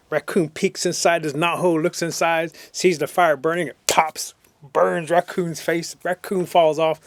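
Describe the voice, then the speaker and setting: A man from the Cherokee Nation in Oklahoma telling a traditional tale in a rhythmic way, slowing down for emphasis. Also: fairly high pitch, no room sound. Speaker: traditional storyteller. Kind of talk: oral storytelling.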